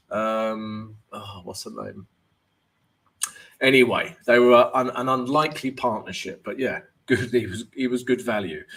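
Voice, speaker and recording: A man's voice: mid-range voice, a bit bright. Chatty male trading livestream host. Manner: chatty, jokey, greets viewers by name; fillers like "right?" and "um". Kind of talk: casual live stream Q&A.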